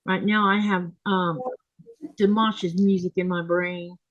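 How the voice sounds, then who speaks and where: A woman's voice: on the low side, little pitch movement, takes it slowly, no room sound, highs cut off. A woman hosting a live sewing stream, tired and yawning, chatting casually as she reads viewer comments aloud and answers them.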